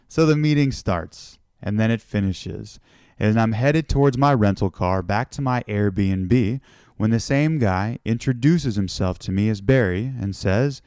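A man's voice: on the low side, unhurried, a little mellow, smooth, dry recording, clean studio sound. A man from the United States hosting a podcast, telling a personal story in a reflective, conversational way. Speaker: podcast host.

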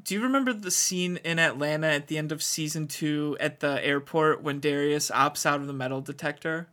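A man in casual chat, self-deprecating and quick with funny anecdotes and quoted voices. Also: fairly high pitch, sharp tone.

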